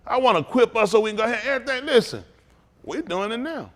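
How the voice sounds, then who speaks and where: A man preaching as a pastor in a fiery talk, swinging from low mutters to loud outbursts. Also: lively intonation, fast.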